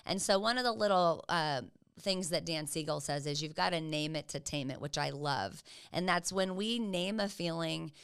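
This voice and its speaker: An older woman hosts a parenting talk and explains her ideas in an earnest, gentle way. Her voice sits low, with a gravelly edge running through it. Her words still come out smooth and resonant. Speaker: podcast host.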